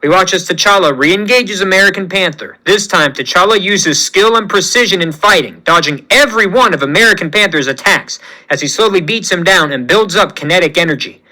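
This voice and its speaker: A man narrating a fan-written superhero story. His voice sits a bit high and sounds very bright, with a plain, steady storytelling delivery. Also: fairly quick, few pauses, poor audio. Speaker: fan-fiction reader.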